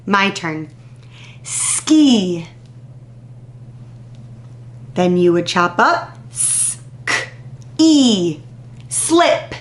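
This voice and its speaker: Woman teacher, very slow deliberate pace, crisp sounding-out, patient encouraging praise. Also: fairly low pitch, big pitch swings. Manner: patient, drawn-out, encouraging praise after pauses. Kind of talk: slow, deliberate phonics lesson to young children.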